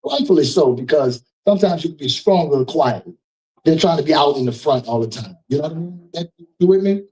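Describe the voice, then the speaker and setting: A man's voice: a little high, animated, fairly quick, mellow, far from the mic, poor audio. Loose-talking male emcee, heard from afar. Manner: loose, preacher-like riffing with call-outs to the audience. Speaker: event host. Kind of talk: live fundraiser emceeing, joking with the crowd. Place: live event hall.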